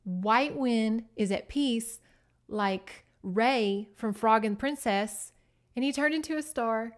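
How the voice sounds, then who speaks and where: Woman podcast host, higher voice, animated and profane book recap, chatty. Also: takes it slowly.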